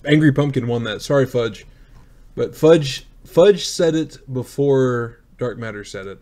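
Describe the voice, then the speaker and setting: A man co-hosting a casual livestream podcast, laid-back and quick to laugh. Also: mid-range voice, a little mellow. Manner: laid-back, laughs easily, reads from chat. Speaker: podcast co-host.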